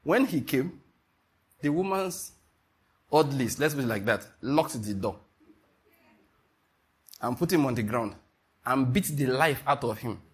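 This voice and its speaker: A middle-aged man preaching a sermon, an animated storyteller who acts out the voices in his stories. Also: mid-range voice, a little slow, pauses often, slightly rough. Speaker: pastor.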